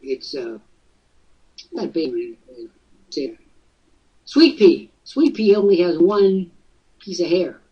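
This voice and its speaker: Man, host, teasing coaching chat, husky, muffled far-off audio. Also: high voice, very animated, slow pace, long pauses. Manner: jokey, teasing, breaks into mock voices. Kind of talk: casual coaching talk.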